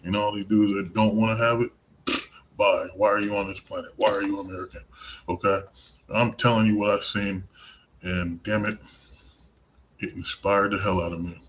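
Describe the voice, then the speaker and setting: A man's voice: on the low side, little pitch movement, normal speed, long pauses, fairly bright tone, a little hiss or hum, low-quality recording. A man hosting a live-streamed podcast, delivering an emphatic, profane monologue. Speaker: podcast host.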